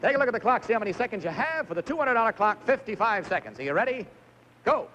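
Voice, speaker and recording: 1950s game show host guy, high voice, bouncy and jokey, muffled old tv audio w faint hiss. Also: very animated, fast talker, pushed and bright. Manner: chatty, jokey, coaxing contestants through stunts. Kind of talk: live TV game show hosting.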